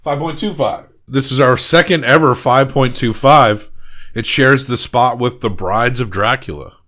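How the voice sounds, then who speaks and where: A co-host of a casual movie review podcast, making wry deadpan jokes. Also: medium pitch, unhurried.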